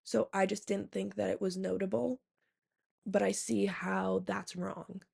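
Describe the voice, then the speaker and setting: A woman's voice: medium pitch, flat delivery, unhurried, gravelly, a little mellow, husky. A young woman vlogger telling a long personal story in a rambling casual chat, full of fillers and swearing. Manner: rambling, heavy use of "like" and "um", profane.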